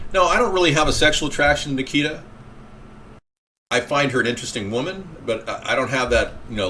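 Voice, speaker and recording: A man's voice: medium pitch, a bit bright. Male talk host, rambling call-in chat, faint hiss behind. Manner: rambling, reacting to callers and chat.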